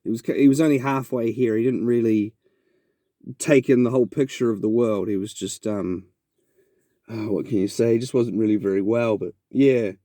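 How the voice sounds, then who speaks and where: A man's voice: mid-range voice, normal speed, dark tone, dry recording, studio quality. A man with a New Zealand accent, hosting a podcast and telling a rambling, reflective story in a casual monologue. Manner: rambling and reflective, with many restarts. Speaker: podcast host.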